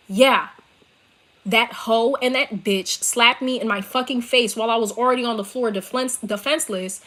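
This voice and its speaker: Female vlogger, young, New York accent, slightly high voice, fiery swearing storytime to a laptop mic in her bedroom. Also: moderate pace, fairly bright tone. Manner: heated, profane, emphatic storytelling. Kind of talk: storytime rant to camera. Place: her bedroom, seated on bed. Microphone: laptop built-in mic.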